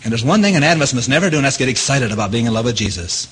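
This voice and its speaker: A man preaching a sermon. He keeps asking his listeners questions and his voice leaps up in pitch to stress a point. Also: rapid-fire, breathy edge. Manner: animated, asks the audience questions, jumps high in pitch for emphasis. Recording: long hall reverb.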